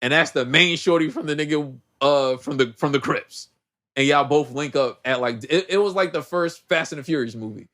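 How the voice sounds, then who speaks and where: A man co-hosting a podcast, recapping a movie in casual chat with heavy slang and lively storytelling. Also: a little high, moderate pace. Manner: animated storyteller, heavy slang, acts out characters. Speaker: podcast co-host.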